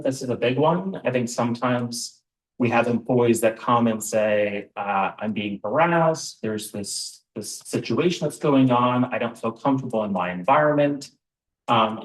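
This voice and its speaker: A man presenting a business training to a live room, conversational, with many ums and questions to the audience. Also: fairly low pitch. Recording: roomy, voice from far off the mic.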